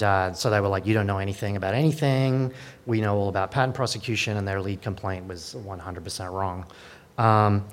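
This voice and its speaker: A lawyer from a digital rights group gives a conference talk in a lowish, clear, resonant voice. His delivery is dry and sardonic, full of fillers and restarts.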